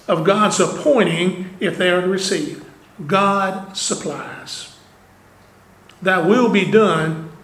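A man's voice: high-pitched, vocal fry, fairly bright tone. A man preaching a sermon as pastor, earnest, with rhetorical questions and conversational asides, recorded in a church sanctuary. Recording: roomy church echo.

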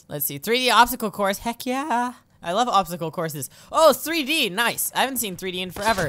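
A young woman commentating on a video game, excitable and giggly, yelping and shouting at what happens on screen. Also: medium pitch, fairly quick, hardly any pauses, slight background noise. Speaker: let's play host.

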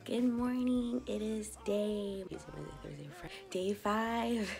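A woman in her late twenties chatting casually at home as a vlogger, full of fillers and quick laughs. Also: mid-range voice, creaky, a little mellow, soft background music. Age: late 20s. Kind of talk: casual vlog chat.

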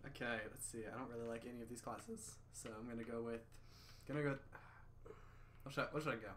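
A young man chatting while he games, nervous and self-mocking, breaking into quick exclamations. His voice sits at a middle pitch. A faint hiss runs under the recording. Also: steady tone, a bit bright. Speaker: guest gamer. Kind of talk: casual gaming chat. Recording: faint background noise.

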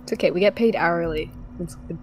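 A woman's voice: on the low side, fairly quick, a little mellow, faint music behind, rough recording. A woman playing a ghost-hunting game with a friend, giggling and teasing in casual banter. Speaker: game streamer.

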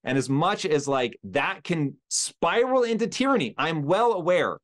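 A man's voice: fairly high pitch, sing-song, unhurried. Earnest man hosting an interview. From United States. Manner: earnest, thinks aloud with restarts. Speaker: interview host. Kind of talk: conversational interview.

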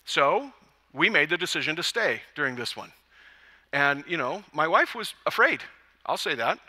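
A man preaching a sermon as pastor at a church service, a lively, joking storyteller who acts out quotes. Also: on the high side, moderate pace, big-room sound.

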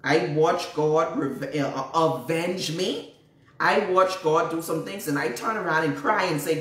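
A woman's voice: low-pitched, moderate pace. A woman, a prophetess preaching emphatically to viewers, repeating herself and citing scripture. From Bahamas. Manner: emphatic and repetitive, cites scripture. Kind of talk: preaching, answering viewer questions. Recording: roomy, distant mic.

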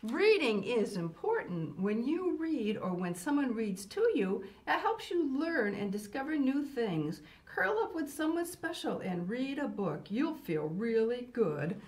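A woman's voice: on the high side, sing-song, unhurried, few pauses, darkish tone. An older woman hosting a children's show, reading a picture book aloud in a fussy, grandmotherly way and exclaiming "oh" often.

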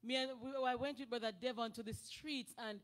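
High-voiced woman giving fervent testimony. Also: fairly even intonation, fairly quick. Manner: earnest, fervent, calls to worship. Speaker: church member giving testimony. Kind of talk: heartfelt church testimony. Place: church sanctuary.

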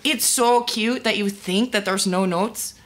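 A woman's voice: mid-range voice, a little slow, fairly bright tone. A woman from the Seattle area, a podcast guest asking curious questions and giggling in casual banter.

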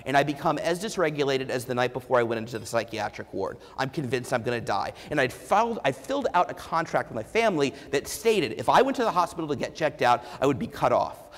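A man giving a keynote speech, telling a candid personal story with self-deprecating humor and halting restarts, on a lavalier mic. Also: mid-range voice. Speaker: keynote speaker. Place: large conference hall before an audience. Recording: long hall reverb.

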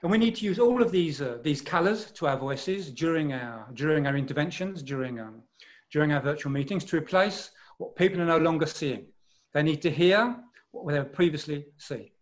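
A man giving an online presentation as a management trainer, explaining step by step with frequent pauses and filler sounds, heard over a video call. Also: on the high side, lively intonation.

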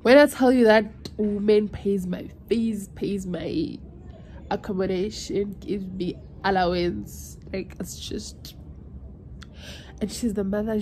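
Slow, mellow South African woman vlogger. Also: medium pitch, a little hiss or hum. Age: 20s. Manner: chatty and emotional, switching languages mid-sentence. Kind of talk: casual vlog chat.

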